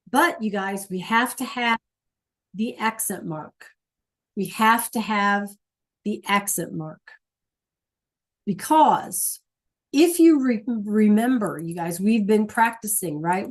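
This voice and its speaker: Woman teacher explaining grammar, unhurried, keeps asking right? okay?. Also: mid-range voice. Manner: patient, checks in often with "right?" and "okay?"; repeats key points slowly. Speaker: Spanish teacher. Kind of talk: classroom lesson.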